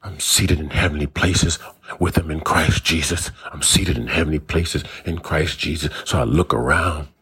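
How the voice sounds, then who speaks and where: A man's voice: a bass voice, moderate pace, a bit bright, husky. A man preaching a sermon, building his points through repeated, emphatic phrases. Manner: repetitive, emphatic preaching cadence.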